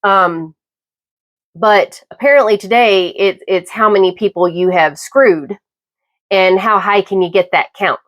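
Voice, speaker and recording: A middle-aged woman hosting her own podcast, talking through a personal, opinionated monologue in a halting, emphatic way. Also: medium pitch, a bit bright. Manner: emphatic, halting with repeated restarts. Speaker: podcast host.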